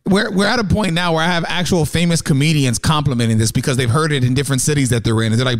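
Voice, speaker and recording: A man's voice: on the high side, fast, few pauses. A man hosting a comedic radio bit, playful and hyped like a showman. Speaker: radio host.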